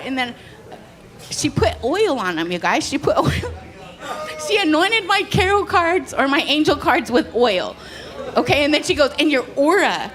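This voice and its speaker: A woman doing a stand-up comedy routine who acts out the people in her stories with livelier voices. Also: normal speed. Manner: animated, acts out quoted voices at a higher pitch. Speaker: stand-up comic.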